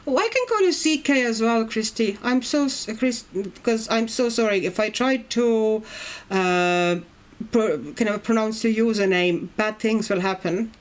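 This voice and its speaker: A woman's voice: a little high, a little slow. A woman streaming while she colors, chatting casually and reading her viewers' comments aloud. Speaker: coloring livestreamer. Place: at home in Brazil.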